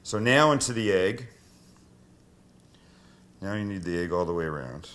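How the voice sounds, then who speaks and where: A man's voice: deep voice, animated, moderate pace, a bit bright. A middle-aged man hosting a cooking show, chatting casually and joking at himself while he cooks in a kitchen. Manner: chatty, self-deprecating, joking.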